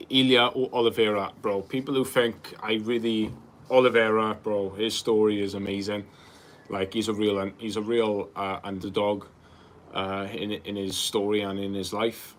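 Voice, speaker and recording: A man in his twenties hosting a livestream, answering viewer questions in a loose, rambling casual chat, calling people bro and filling gaps with um and like. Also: on the low side. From Wales. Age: 20s. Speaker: livestream host.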